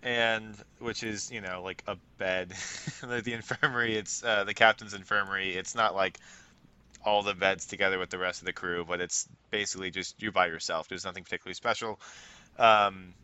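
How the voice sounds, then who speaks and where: A man's voice: low-pitched, steady tone, a little fast, sharp tone, smooth, no room sound, muffled recording. A man narrating as game master of a tabletop role-playing game, casual and rambling, full of fillers.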